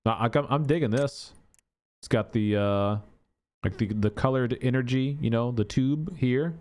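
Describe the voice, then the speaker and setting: A man's voice: mid-range voice, unhurried, darkish tone. A man giving casual gameplay commentary as a gaming YouTuber, thinking aloud in a chatty way with many filler words.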